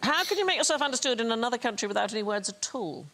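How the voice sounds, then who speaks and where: A middle-aged woman hosting a comedy panel quiz in a TV studio, reading questions in a brisk, wry way. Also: on the high side, expressive, a bit bright. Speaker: quiz show host. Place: TV studio with live audience.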